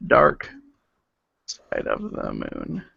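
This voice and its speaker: A man's voice: a little high, wildly swooping pitch, very slow, vocal fry, slightly rough, no echo, narrow, tinny audio. A man hosting a podcast in casual chat, teasing and easygoing with his co-host.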